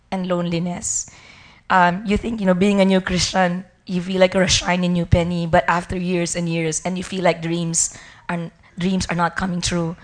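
A woman in her forties with a Filipino accent gives a personal faith testimony. She is chatty and polite, laughs often, and switches between English and Tagalog. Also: lowish voice. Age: 40s. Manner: polite, peppers speech with respectful particles. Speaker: church member giving testimony.

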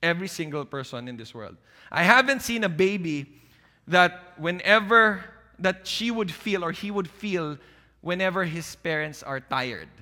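A man preaching a sermon, animated and direct, dropping to a soft calm voice when he acts out quoted speech. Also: sits high. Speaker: pastor. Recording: long hall reverb.

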